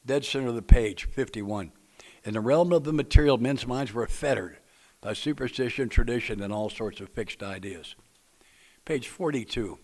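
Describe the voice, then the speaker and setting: A man's voice: medium pitch, moderate pace, a little mellow. A man from Tennessee, leading a recovery book study and talking to a group in a plainspoken, folksy way with jokes for the audience. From Nashville, Tennessee. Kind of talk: speaker-meeting talk to a group.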